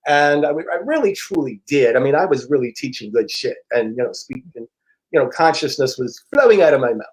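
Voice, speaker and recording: A middle-aged man, an interview guest and personal growth teacher, telling a story in a frank, profane, animated way and acting out the dialogue. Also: mid-range voice, brisk, low-quality recording. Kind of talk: casual storytelling.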